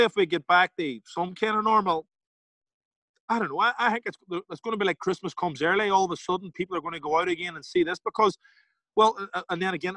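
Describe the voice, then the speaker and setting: Derry guy on a podcast, high bright voice, animated storyteller, does the voices, swears a lot. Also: dry recording, rough recording. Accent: Derry Northern Irish. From Northern Ireland. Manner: animated, acts out quoted voices, swears casually. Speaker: podcast guest. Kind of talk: casual storytelling interview.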